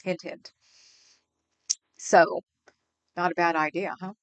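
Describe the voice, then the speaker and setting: A woman's voice: on the low side, fairly even intonation, slow pace, smooth, lo-fi sound. A woman in her fifties hosting a livestream at home, chatting in a rambling, casual way and laughing often. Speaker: livestream host.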